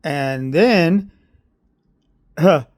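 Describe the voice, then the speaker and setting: A man's voice: on the high side, very slow, no room sound, studio quality. A man telling a heated, rambling story as a parent in a casual vlog, emotional and often correcting himself. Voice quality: emotional, openly aggrieved.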